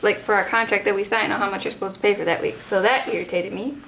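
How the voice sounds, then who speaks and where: A woman in her twenties, a vlogger and mother, telling a story in a casual, animated way with many fillers. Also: medium pitch, fast talker. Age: 20s. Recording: noisy home recording.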